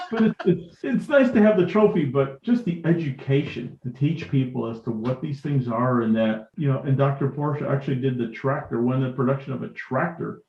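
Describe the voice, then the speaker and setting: A man recounts anecdotes as a podcast guest and acts out the dialogue as he goes. His voice sits at a middling pitch. The recording is roomy and echoey, with a dull, lo-fi tone. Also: normal speed. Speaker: guest, tractor collector. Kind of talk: storytelling in a podcast interview. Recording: echoey room, dull lo-fi sound.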